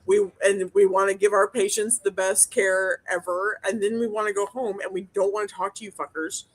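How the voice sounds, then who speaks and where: A woman's voice: medium pitch, flat delivery, normal speed. A woman, a dental hygienist, chatting casually as a podcast co-host, blunt and profane, rambling with lots of restarts. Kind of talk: casual chat.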